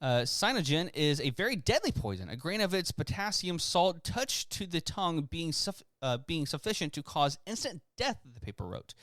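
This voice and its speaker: A man's voice: fairly high pitch, sing-song, normal speed, few pauses, a bit bright, dry recording. A man co-hosting a podcast who reads history articles aloud in casual chat and stumbles over long words. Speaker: podcast co-host.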